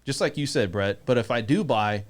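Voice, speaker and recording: A man's voice: medium pitch, expressive, a little fast. Emphatic man hosting a chat. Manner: emphatic, repeats himself, pushes a point. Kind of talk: casual panel chat.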